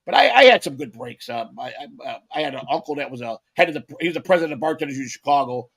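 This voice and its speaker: 50s guy on a podcast, raspy husky voice, kinda high, rambles and swears a lot. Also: animated, quick pace, fairly bright tone. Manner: profane rambling storyteller, many restarts. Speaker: podcast co-host. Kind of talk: casual chat.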